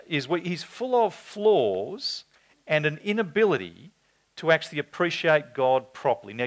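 A man preaching an expository sermon, reading scripture aloud with dramatic voices for the quotes. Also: a bit bright. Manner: pitch and volume jump high when voicing quotes.

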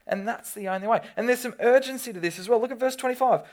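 Preacher, sermon, reads scripture aloud, lively dramatic storytelling, loud bursts. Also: mid-range voice, fast talker.

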